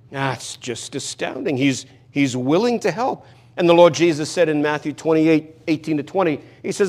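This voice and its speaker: Brief: male preacher, fairly high voice, earnest and emphatic, hammers home repeated lines. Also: normal speed. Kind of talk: expository sermon.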